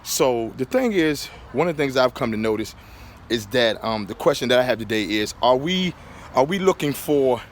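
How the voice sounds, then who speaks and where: A middle-aged man, a pastor and author, chatting casually to his viewers on a phone inside a car, repeating his points and getting animated when riled. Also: medium pitch, a little hiss or hum. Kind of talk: casual vlog talk to viewers.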